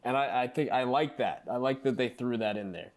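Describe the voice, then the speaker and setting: A podcast co-host with a mid-range voice talks fairly quickly on a casual movie show, retelling scenes. He's animated and acts out quotes in character voices.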